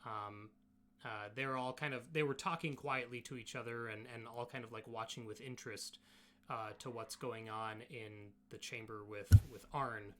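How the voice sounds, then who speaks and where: A man's voice: medium pitch, steady tone, normal speed, bright, forceful tone, slight background noise. A man narrating as game master in a casual, rambling way with many fillers. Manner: casual, filler-heavy, restarts often.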